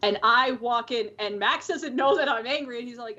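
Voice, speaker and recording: A woman's voice: a little high, fairly quick, few pauses, bright, forceful tone. A woman co-hosting a podcast in casual chat, rambling with lots of fillers and frequent laughs. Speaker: podcast co-host. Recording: dull lo-fi call audio.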